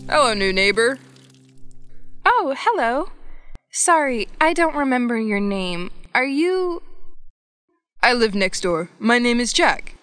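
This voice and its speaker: Slow woman reading practice dialogues. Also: on the high side, sing-song, a bit bright. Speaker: English lesson narrator. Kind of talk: scripted dialogue reading for learners.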